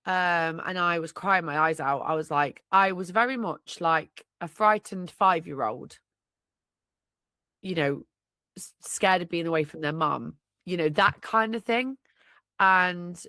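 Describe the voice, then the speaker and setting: A young woman hosts her personal podcast in a lowish, sharp-toned voice, speaking unhurriedly with no room sound. Candid and emotional, she sniffs through a blocked nose, sounds tearful and restarts many times.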